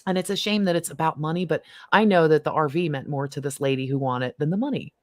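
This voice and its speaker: A middle-aged woman with a lowish voice hosts a casual livestream chat. She talks freely and breaks into snippets of song. The sound is dry and close, with no room around it. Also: fast talker, no room sound. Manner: chatty, bursts into snippets of song. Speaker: livestream host.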